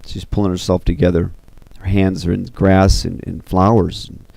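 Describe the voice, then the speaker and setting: A man casually pitching a film story scene by scene, loose and rambling with many fillers. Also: level tone, moderate pace, gravelly, darkish tone, dry recording. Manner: loose and rambling, full of 'you know' and 'kinda'.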